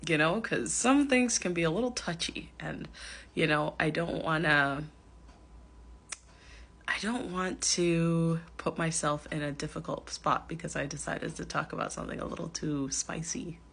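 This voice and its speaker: A bright, clear-toned woman from Canada talks casually into her phone camera, laughing often and hedging with ums as she comments. Her voice sits a little low for a woman. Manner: chatty, giggly, hedging with many ums. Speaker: vlogger reacting to a clip.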